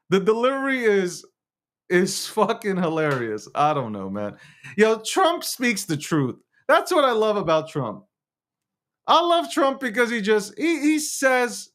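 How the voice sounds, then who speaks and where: A man hosts his own show in a loose, opinionated rant, stumbling over and restarting his words. His voice sits high and swings up and down a lot. He laughs and swears freely as he talks. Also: fairly bright tone. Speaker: show host. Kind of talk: casual political rant.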